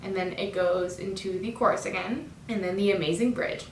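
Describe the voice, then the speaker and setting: A woman's voice: fairly even intonation, brisk, recorded from a distance. A woman casually breaking down song lyrics, chatty and enthusiastic, with lots of fillers. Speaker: music fan breaking down an album. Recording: echoey room, voice from off the mic, faint rumble.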